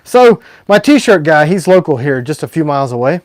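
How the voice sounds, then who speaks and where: A man hosting a casual livestream, rambling and excitable, with sudden swings between loud and quiet. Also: fairly high pitch, normal speed, no echo, studio quality. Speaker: knife maker hosting a livestream.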